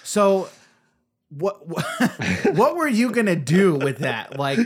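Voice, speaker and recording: Lively high-voiced man recounting a game. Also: slow pace, husky. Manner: rambling, restarts, laughs often. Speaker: podcast co-host, player recounting a game. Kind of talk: casual chat.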